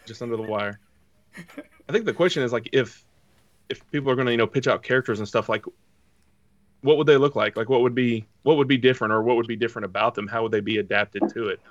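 A man's voice: mid-range voice, fast, long pauses, no echo, distant mic, dull audio. A man co-hosting a casual podcast chat, rambling and joking as he sets up the topic. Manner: rambling, joking, mimics other fans. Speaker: podcast co-host.

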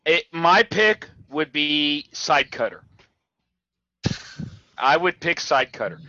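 A man's voice: fairly high pitch, very animated, slow, pushed and bright, dry recording. A man in a casual group chat, playful and boastful and laughing often. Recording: dull lo-fi recording with clear background noise.

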